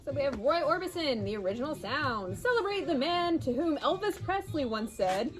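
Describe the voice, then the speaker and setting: A woman's voice: sits high, animated, moderate pace, hardly any pauses, soft background music. A young woman from Ohio co-hosting a casual record-store rundown, reading release blurbs in an upbeat way and laughing easily.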